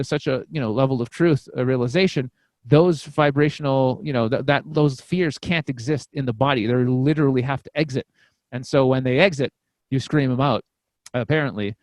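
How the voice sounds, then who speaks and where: A man's voice: mid-range voice, a little mellow, no room sound. A man guesting on a podcast, telling a personal story in a casual, rambling way, swearing freely and restarting his sentences often. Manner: rambling, profane, frequent restarts.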